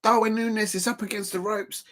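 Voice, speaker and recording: A man hosting a live football watch-along stream, rambling and excitable, full of fillers and repeats. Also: sits high, brisk, a little hiss or hum.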